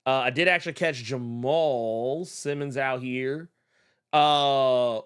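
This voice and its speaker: A man co-hosting a casual comic book talk show, animated and swearing freely, with loud laughs between points. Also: medium pitch, takes it slowly, clear, resonant tone. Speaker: podcast co-host.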